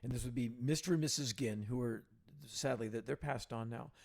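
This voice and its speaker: This podcast co-host is a middle-aged man whose creaky mid-range voice moves fairly quickly. He spins casual stories and brings them to life when quoting someone.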